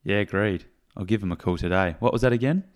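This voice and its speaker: A man's voice: mid-range voice, brisk, natural voice. A man voicing a neighbour in a comic ad skit, putting on a mangled New Zealand accent. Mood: jokey. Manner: playful, comic ad-skit delivery.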